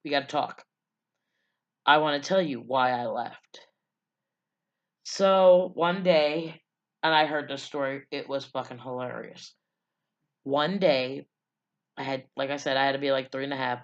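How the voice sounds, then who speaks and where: A woman's voice: a bass voice, muffled recording. A woman vlogger telling her life story in a loose, casual way, blunt and profane, with lots of fillers.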